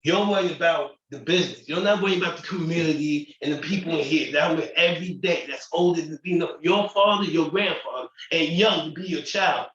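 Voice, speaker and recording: A man's voice: a little high, brisk, hardly any pauses, fairly bright tone. A man living at a shelter speaks out at a community meeting, upset and close to tears, pleading emotionally. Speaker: shelter resident speaking at public comment. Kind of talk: impassioned public comment. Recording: muffled echoey room audio from far off.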